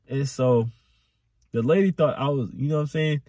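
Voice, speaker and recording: A young man recounting a chaotic ride in a rambling storytime vlog. His pitch swoops high and low as he gets worked up, with a husky grain. Close and dry, right on the mic. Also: normal speed, pauses often, dry recording. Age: young adult. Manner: animated, rambling, repetitive slang. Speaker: vlogger.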